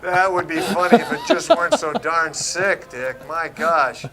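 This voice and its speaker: A man's voice: fairly high pitch, big pitch swings, measured pace, a crowd in the background, rough recording. A man calling play-by-play at a local lacrosse game, giving goal times and trading wry remarks. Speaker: play-by-play announcer. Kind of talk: play-by-play and booth chat.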